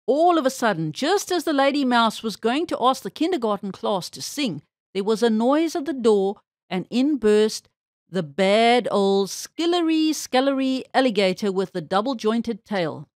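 A woman reading a children's storybook aloud with expressive, animated storytelling. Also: fairly high pitch, moderate pace, no echo, studio quality.

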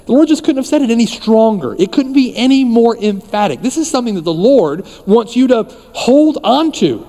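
Male pastor, high animated voice, mellow tone, emphatic repeated lines, church hall reverb. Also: normal speed. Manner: emphatic preaching with repeated phrases. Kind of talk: sermon.

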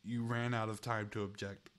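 A man's voice: medium pitch, pushed and bright. A man streaming a chat game, commenting casually, laughing often and swearing freely, and sounding short on sleep.

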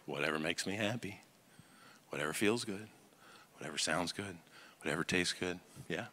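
A man preaching a sermon as pastor, talking conversationally and checking in with listeners. He swings between loud, animated stretches and hushed, quiet ones. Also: sits low, moderate pace, in a large hall, slight background noise. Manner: acts out quoted voices, swings from loud to hushed. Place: church sanctuary.

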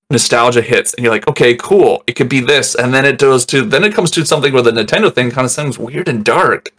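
A man reviewing a movie in casual chat, rambling and swearing, acting out scenes in quick voices. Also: medium pitch, a bit bright.

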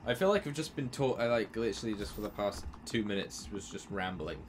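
A man's voice: on the low side, animated, a little fast, slight background noise. A man co-hosting a let's play, rambling and joking in casual gaming banter. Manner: rambling, joking, puts on silly voices.

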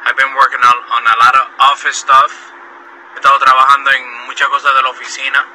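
A man's voice: mid-range voice, little pitch movement, fast talker, sharp tone, slight background noise, rough recording. A tired young man chatting to fans on a phone livestream while driving, effusive and repeating himself, mixing English and Spanish. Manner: switches between English and Spanish mid-sentence. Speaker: livestreaming artist. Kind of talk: casual livestream talk to fans.

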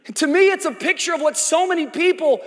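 A man preaching a sermon as pastor, dramatic and building to shouts in a large church auditorium. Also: very high-pitched, fast talker. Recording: church hall reverb, faint music.

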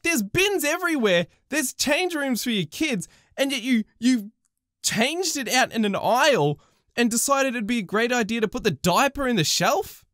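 A woman with an Australian accent narrating retail stories in an exaggerated, sarcastic, expressive way. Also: fairly high pitch, dry recording, studio quality. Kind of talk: animated story-time narration.

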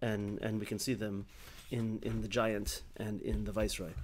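A man's voice: on the low side, little pitch movement, normal speed, a little hiss or hum. A man teaching a Torah study class, explaining a story animatedly, with frequent restarts and "right?" checks.

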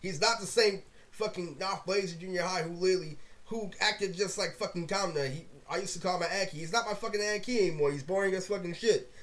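A man's voice: high voice, fast, fairly bright tone. A young man vlogging a rambling, profanity-heavy rant to camera, full of 'like' and 'literally'. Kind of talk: ranting monologue to camera.

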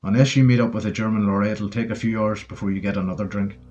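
A man's voice: lowish voice, steady tone, fast talker, darkish tone, muffled recording, close to an everyday voice. A man reading the part of a blunt, commanding British army sergeant in a wartime audiobook, barking orders. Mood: brisk. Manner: gruff, barks orders, sometimes bellows.

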